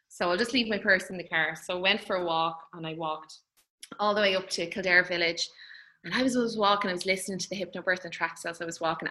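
Bright-voiced Irish woman telling a story. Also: fairly low pitch, poor audio. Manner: chatty, laughs often, acts out dialogue. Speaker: mother telling her birth story. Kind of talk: casual storytelling.

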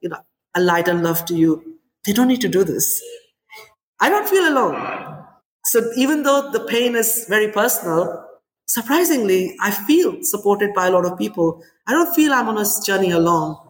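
A woman in her forties, a chef and restaurant owner, talking in an interview in an animated storytelling way with many "you know"s. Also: mid-range voice, moderate pace. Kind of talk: interview conversation. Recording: echoey room with long reverb.

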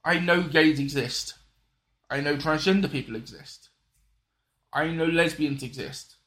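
Man, fairly high voice, casual podcast chat, rambling, restarts a lot, says sorry often. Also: unhurried, fairly bright tone. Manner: rambling, restarts sentences, apologetic asides.

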